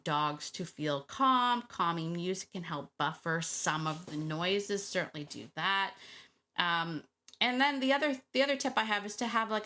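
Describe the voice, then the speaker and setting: A woman's voice: fairly low pitch, bright, forceful tone. A woman hosting a dog training podcast, giving casual advice in a chatty way, sometimes losing a word and laughing at herself.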